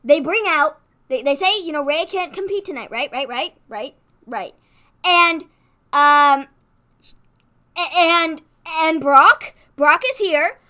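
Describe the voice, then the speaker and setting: Bright, high-voiced excitable woman. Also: slow. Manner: excitable, animated storyteller, fillers of "like". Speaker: co-host. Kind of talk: casual wrestling recap chat.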